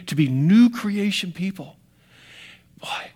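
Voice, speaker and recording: A man's voice: on the high side, normal speed. An older American man preaching a sermon, telling stories animatedly with restarts and sound effects. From United States. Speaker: pastor.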